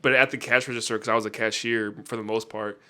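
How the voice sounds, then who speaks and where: A young American man co-hosting a podcast, telling stories in an animated, casual way with lots of fillers. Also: on the low side, fast. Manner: animated storyteller, many fillers. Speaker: podcast co-host. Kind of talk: casual chat.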